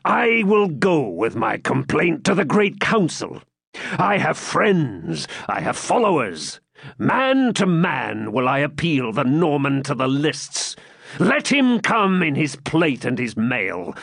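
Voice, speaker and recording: A man's voice: a little high, wildly swooping pitch, slow, vocal fry, a bit bright, husky, no room sound, clean studio sound, heavily acted. A man voicing a proud, bitter old Saxon lord who speaks with indignant declamation in an audiobook reading. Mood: defiant.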